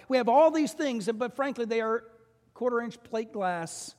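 Pastor preaching animatedly in a reverberant hall. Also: male voice, very high-pitched, unhurried. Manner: animated storytelling with voiced quotes. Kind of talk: sermon.

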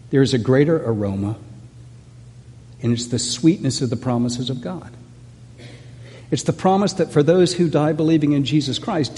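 A man's voice: on the high side, mellow. A middle-aged man, preaching a sermon as pastor in an earnest, conversational way, often restarting his phrases. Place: church sanctuary. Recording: long hall reverb.

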